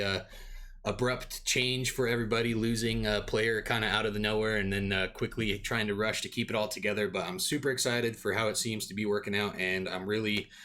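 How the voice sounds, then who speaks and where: A man's voice: lowish voice, pushed and bright. A young man running a tabletop game, chatting casually and upbeat with many fillers. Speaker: game master.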